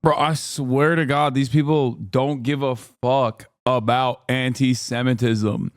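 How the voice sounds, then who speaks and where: A man's voice: mid-range voice, fairly even intonation, unhurried, no room sound. A man reacting on a livestream, ranting with profanity and sarcasm into a close mic. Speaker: streamer reacting to video.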